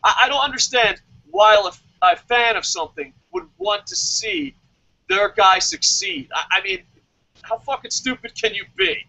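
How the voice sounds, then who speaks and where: A man playing a loud, sarcastic wrestling superfan who rants and swears heavily, on a dull lo-fi recording. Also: very high voice, big pitch swings, moderate pace, gravelly, full character voice. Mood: ranting. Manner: ranting, sarcastic, heavy swearing. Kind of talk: comedic rant in character. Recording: dull lo-fi audio.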